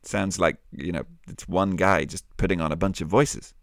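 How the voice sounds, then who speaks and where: A man hosting a children's Bible podcast, with a warm, teacherly and lively way of talking. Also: sits low, normal speed, gravelly, dry recording, studio quality. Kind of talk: friendly kids' Bible podcast.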